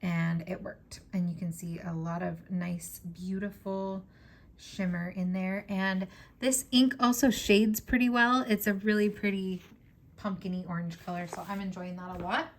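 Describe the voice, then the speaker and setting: A woman with a scratchy, hoarse voice chatting in a relaxed, enthusiastic way, with plenty of fillers. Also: mid-range voice, a little slow. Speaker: fountain pen vlogger. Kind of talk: casual show-and-tell.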